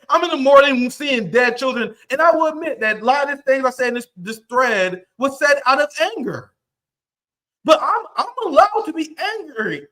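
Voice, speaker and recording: A man's voice: very high-pitched, bright, forceful tone. A man hosting a livestream, delivering angry, profane commentary in a heated rant. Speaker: livestream host.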